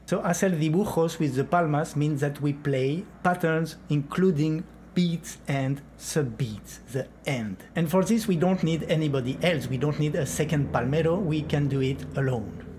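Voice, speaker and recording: A man's voice: fairly high pitch, moderate pace, hardly any pauses, a little mellow, a little hiss or hum. A man teaching flamenco rhythm and clapping, explaining step by step and counting beats aloud.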